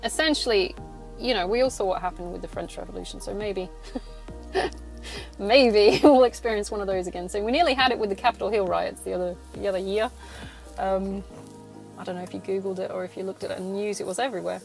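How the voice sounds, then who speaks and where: A woman's voice: medium pitch, a little fast, creaky, faint music behind, poor audio. Exasperated swearing woman in a car. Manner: swearing, exasperated, laughs between points. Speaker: podcast host. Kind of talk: solo ranting chat while driving.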